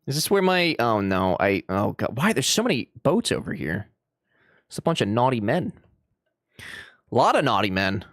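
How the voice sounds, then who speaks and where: A man's voice: medium pitch, sing-song, normal speed, pauses often, a bit bright, no room sound, clean studio sound. Playful man teasing his chat. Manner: playful, teasing, jokey banter. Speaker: streamer. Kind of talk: casual live-stream chat with viewers.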